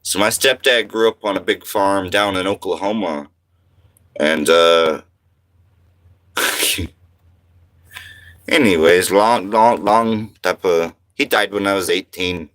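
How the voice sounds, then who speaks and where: A man's voice: low-pitched, takes it slowly, pauses often, a bit bright. A man in his thirties from French Canada, chatting casually on a livestream, rambling and reading viewer comments aloud. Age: 30s. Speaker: livestream host.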